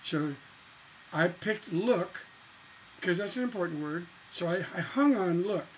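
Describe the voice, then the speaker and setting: A man's voice: high voice, expressive, measured pace, a little hiss or hum, low-quality recording. A man teaching songwriting in a casual lesson, joking as he goes and breaking into sung lines. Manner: breaks into singing lines over guitar, joking asides. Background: his own guitar playing.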